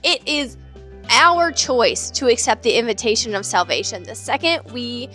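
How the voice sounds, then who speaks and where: A woman's voice: on the high side, lively intonation, moderate pace, sharp tone, soft background music. A woman giving a casual, earnest devotional Bible teaching in a conversational way, with many filler words. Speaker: devotional speaker.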